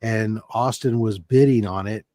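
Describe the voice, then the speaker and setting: Low-voiced man rambling on a video call. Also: a little slow, mellow, no room sound, studio quality. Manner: rambling, self-interrupting storyteller. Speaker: panel guest. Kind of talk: casual chat on a video hangout. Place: home, joined by video call.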